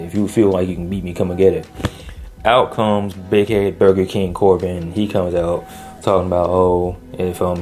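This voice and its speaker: Deep-voiced man recapping wrestling, laid-back. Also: warm tone. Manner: laid-back, filler-heavy retelling with quick acted-out quotes. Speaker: wrestling show reviewer. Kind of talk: casual recap monologue. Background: faint background music.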